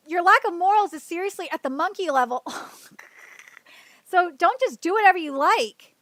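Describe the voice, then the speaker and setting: A woman's voice: very high voice, animated, moderate pace, a bit bright, no room sound. A woman hosting a livestream, ranting heatedly and profanely, rambling with restarts and fillers. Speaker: livestream host. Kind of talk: livestream commentary rant.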